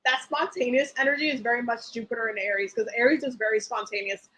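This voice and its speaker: A high-pitched woman talks through a live tarot reading in a loose, chatty way. She rambles with many fillers and restarts, and she acts out the feelings she describes in an animated way. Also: fast, low-quality recording. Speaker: tarot reader.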